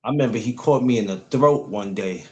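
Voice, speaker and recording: A man's voice: medium pitch, brisk, warm tone, dull audio. A man hosting a podcast, chatting in a blunt, laid-back way. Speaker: podcast host. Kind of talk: casual chat.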